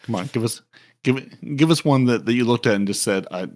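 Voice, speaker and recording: A man co-hosting a podcast in casual chat, animated and full of filler words and laughs. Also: mid-range voice, brisk. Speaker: podcast co-host.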